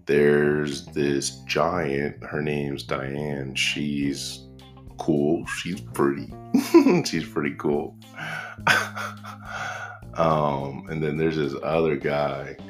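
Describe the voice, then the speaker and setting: Very deep, flat-voiced casual podcast guy. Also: drawn-out words. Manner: laid-back slangy talk, lots of "bro" and "like". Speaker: podcast host. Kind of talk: casual solo podcast chat. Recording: faint guitar music behind.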